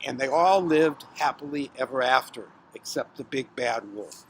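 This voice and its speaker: A man telling a children's story aloud in an animated way, with restarts and dramatic pauses. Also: medium pitch, a little hiss or hum.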